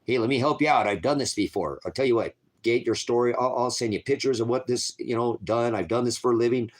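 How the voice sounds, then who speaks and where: A man's voice: mid-range voice, quick pace. A man telling his own story in a heated personal monologue, agitated and rambling, swearing often.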